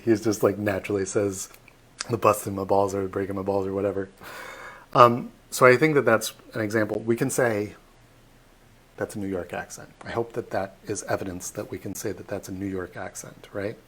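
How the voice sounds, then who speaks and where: A man's voice: fairly low pitch, steady tone, moderate pace, a bit bright, breathy edge. A man tour guide giving a live online virtual tour, chatty and self-deprecating with plenty of fillers.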